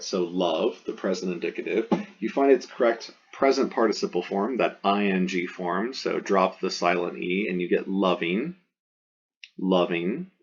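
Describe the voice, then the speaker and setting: A man's voice: deep voice, a little mellow, breathy edge, lo-fi sound. A man teaching a recorded Latin grammar lesson, methodically walking through verb forms and repeating them to drill them.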